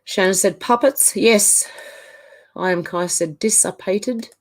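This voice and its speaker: A middle-aged woman hosts a livestream in a casual chat, reading out viewer comments and reacting to each one with quick opinions. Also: mid-range voice. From Australia. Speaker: livestream host.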